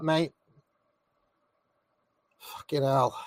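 A man's voice: on the high side, unhurried, no room sound. A man hosting a live political stream, reading out posts and mocking them sardonically.

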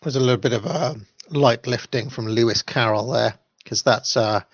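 A man's voice: mid-range voice, moderate pace, dry recording, highs cut off. A man chatting casually and jokingly with hesitant fillers. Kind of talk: casual chat.

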